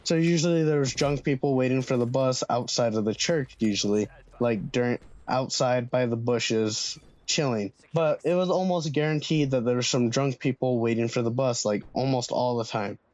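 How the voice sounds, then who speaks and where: Young male vlogger, casual swearing storyteller, average pitch, somewhat dull recording. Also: moderate pace, darkish tone, no echo. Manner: casual, swearing freely, slangy. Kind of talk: storytime vlog.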